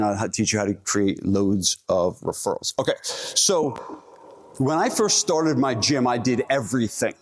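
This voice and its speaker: A man giving an energetic conference talk as a gym owner and speaker, talking straight to the audience. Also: mid-range voice, no echo. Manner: energetic, addresses the audience directly. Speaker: gym owner presenting at a fitness event. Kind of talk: live conference presentation. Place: event hall stage.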